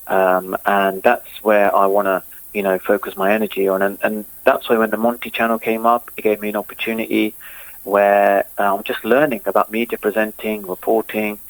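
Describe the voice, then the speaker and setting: Halting man from England. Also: fairly low pitch, rough recording. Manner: halting, repeats words, many fillers. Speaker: former cricketer, interview guest. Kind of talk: casual remote interview.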